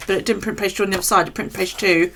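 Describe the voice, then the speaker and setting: A middle-aged British woman vlogs to camera in casual, chatty talk, telling a gossipy story and swearing freely. Her mid-range voice stays steady at a rapid-fire pace, heard over music.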